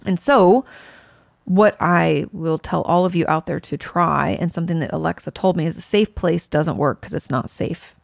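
A woman's voice: lowish voice, normal speed, creaky, no room sound, clean studio sound. A woman in her thirties casually answering viewer questions, earnest and emphatic, with lots of fillers. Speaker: mental health creator answering viewer questions. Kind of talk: casual Q&A monologue.

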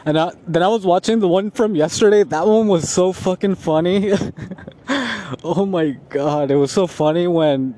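A man vlogging while walking outside, rambling and laughing often, a bit high. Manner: rambling, laughs often, slow relaxed talk. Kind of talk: casual walking vlog. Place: outdoors on a street.

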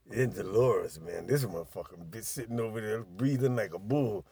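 An older man telling a profane story in casual chat, animated and laughing as he goes. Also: on the low side, moderate pace, gravelly, crowd noise.

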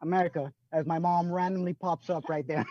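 A woman co-hosting a casual chat, loud, joking and over the top. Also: lowish voice, steady tone, brisk, dry recording. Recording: dull lo-fi dry mic.

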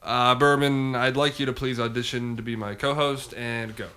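A man hosts a comedy podcast with a bright, forward voice, riffing in loose improvised banter. He is cocky and mock-boastful, teasing his guest and swearing for effect. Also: medium pitch, steady tone, moderate pace.

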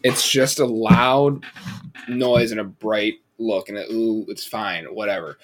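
A man's voice: on the low side, steady tone, measured pace. Profane ranting man on a podcast. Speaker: podcast co-host. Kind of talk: casual podcast chat.

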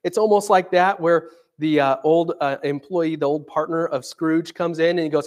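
A man's voice: a little high, steady tone, moderate pace, few pauses, a little mellow. Conversational male pastor preaching. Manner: conversational, dramatic, acts out quoted voices. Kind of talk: sermon.

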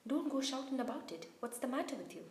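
A woman reading aloud, voicing a big, gruff, shifty groundskeeper in a hushed, scolding manner. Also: sits high, sing-song, fast, voice pushed up. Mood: hushing. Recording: roomy echo.

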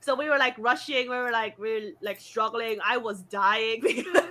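A young woman casually telling a story, animated, full of "like" and swearing, laughing often and jumping up high for quoted voices. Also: normal speed.

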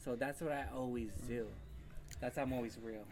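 A man on a casual podcast, speaking earnestly and low-key, with some swearing. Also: fairly even intonation, brisk, darkish tone, a little hiss or hum.

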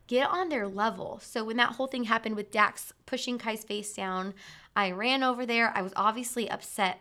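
A woman's voice: mid-range voice, sharp tone. A woman in her thirties hosting a parenting podcast, chatting casually and acting out her kids' voices. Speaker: podcast host.

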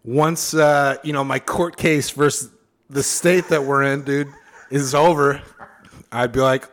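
A young man on a podcast, talking in a relaxed, rambling way. He swears freely and fills his sentences with "like" and "um". His voice sits in the middle range for a man. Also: mid-range voice, unhurried. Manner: loose and profane, full of fillers, acts out quotes. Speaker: podcast co-host. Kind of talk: casual chat.

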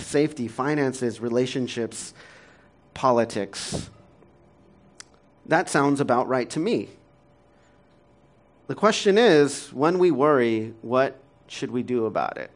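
A man in his thirties, a pastor preaching a sermon in a conversational, self-deprecating way, often laughing and using fillers. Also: medium pitch.

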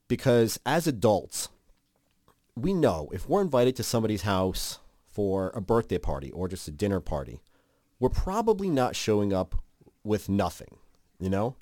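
A man co-hosting a casual chat podcast, animated and acting out quoted lines. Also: no room sound, studio quality. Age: adult. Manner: animated, acts out quotes with big pitch jumps. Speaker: podcast co-host.

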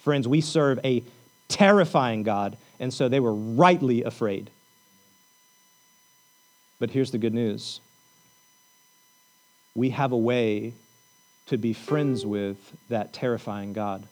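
A man's voice: mid-range voice, slow pace, long pauses, low-quality recording. Emphatic preaching man. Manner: repetitive, emphatic preaching with rising intensity; animated storytelling. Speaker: pastor. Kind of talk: sermon.

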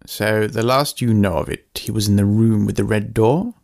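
A man reading a storybook, voicing a secretive gentleman who speaks slowly. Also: medium pitch, gravelly, close to an everyday voice. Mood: measured. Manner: slow, measured.

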